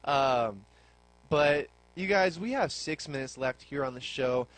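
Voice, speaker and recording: A man's voice: medium pitch, a little slow, fairly bright tone, no echo. Male talk-radio host, playful and teasing, casual filler-heavy delivery. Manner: playful teasing, laid-back with many fillers.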